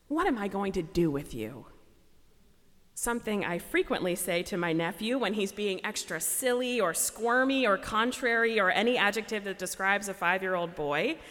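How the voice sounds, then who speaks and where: A woman pastor delivers her sermon in a calm, reflective voice at a middle pitch. Her words carry a gentle wryness. A long church reverb follows every phrase. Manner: measured, reflective, gently wry. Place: church sanctuary.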